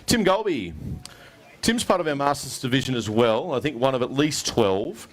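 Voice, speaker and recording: A man's voice: medium pitch, sing-song, moderate pace. Chatty Australian weigh-in emcee, man. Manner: chatty, jokey, mate-heavy banter. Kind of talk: casual event commentary. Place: outdoor fishing tournament weigh-in.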